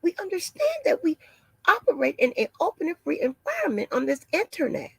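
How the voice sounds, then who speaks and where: A woman putting on a gasping, fretful high voice. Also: wildly swooping pitch, no echo, exaggerated voice. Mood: alarmed. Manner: gasping, breathy exclamations, drawn-out alarmed phrasing. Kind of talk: mocking impression in a vlog.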